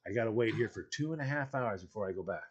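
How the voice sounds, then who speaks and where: A man's voice: lowish voice, fast talker, husky. A man co-hosting a casual chat show, telling a comic story and acting out the other people in it. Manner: animated, acts out quoted voices. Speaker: podcast co-host.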